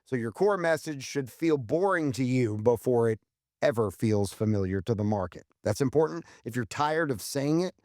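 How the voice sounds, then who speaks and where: A man's voice: medium pitch, animated, normal speed, darkish tone, no room sound, clean studio sound. A man co-hosting a casual marketing podcast, laying out tips in a blunt, emphatic way and swearing freely. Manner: blunt, profane, emphatic, lays out numbered tips. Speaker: podcast co-host.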